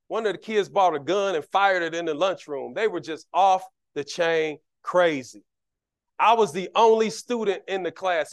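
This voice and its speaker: A middle-aged man, preaching a sermon full of personal stories and lively swings between loud and soft. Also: on the high side. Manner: animated, jumps between loud and soft, acts out quoted voices; conversational, repeats words while building a point. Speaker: deacon preaching.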